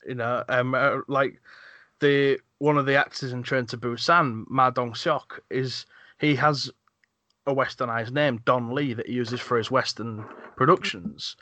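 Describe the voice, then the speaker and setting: A man's voice: mid-range voice, steady tone, unhurried, dry recording. Hesitant young Englishman, dry sound. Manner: hesitant, full of fillers, gentle. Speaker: podcast co-host. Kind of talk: casual chat.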